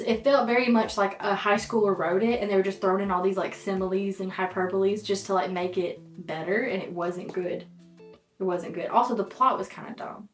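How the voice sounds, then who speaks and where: Exasperated young woman ranting about a book. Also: mid-range voice. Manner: exasperated, chatty, laughs often. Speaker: book vlogger. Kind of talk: casual book review rant. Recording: echoey room.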